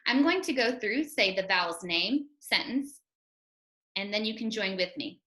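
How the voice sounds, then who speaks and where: A female first grade teacher speaking slowly and clearly to young children, patiently sounding out each phonics sound. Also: medium pitch, expressive, bright, forceful tone. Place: home or classroom, recorded for a school TV video. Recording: echoey room.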